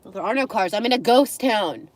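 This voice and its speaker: A woman's voice: fairly high pitch, animated, a little fast. Chatty young woman live-streaming, cooing. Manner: chatty, slips into cooing baby talk to her dogs. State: runny nose. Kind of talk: casual live-stream chat.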